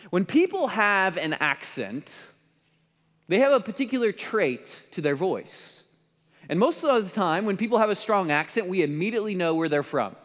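A man from the Midwest, preaching a sermon as pastor and often asking the congregation questions. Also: high-pitched. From American Midwest. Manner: emphatic, asks the congregation questions. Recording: long reverb of a large hall.

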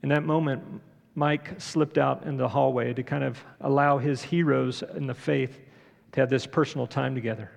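A middle-aged man preaching a sermon, telling a story conversationally with many pauses and fillers. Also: mid-range voice, fairly even intonation, vocal fry. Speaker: pastor. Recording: long church reverb.

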